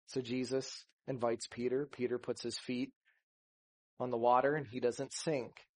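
A man's voice: medium pitch, fairly even intonation, normal speed. A man preaching a sermon, earnest, rising to emphasis and acting out scripture dialogue. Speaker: pastor.

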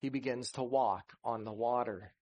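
A man's voice: mid-range voice, moderate pace, muffled recording. A man preaching a sermon, earnest, rising to emphasis and acting out scripture dialogue. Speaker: pastor.

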